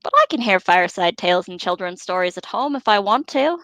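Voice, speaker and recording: A woman's voice: mid-range voice, lively intonation, fairly quick, bright, forceful tone, no echo. A woman voicing a skeptical young male hobbit in a put-on rustic voice while reading aloud. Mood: scoffing. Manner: scoffing and dismissive. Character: grumpy skeptical male hobbit miller's son.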